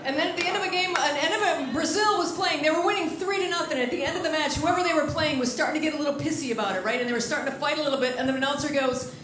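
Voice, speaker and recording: A woman stand-up comedian performing a set, telling chatty, animated stories. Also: sits high, very fast, few pauses, noisy background.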